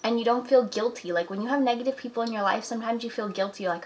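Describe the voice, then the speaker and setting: A woman's voice: on the high side, fast talker, hardly any pauses, background noise. A young woman in her twenties talking earnestly to camera at home, giving encouraging life advice in a casual chatty way. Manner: earnest, encouraging, talks with "like" and "you know". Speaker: vlogger. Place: apartment at home.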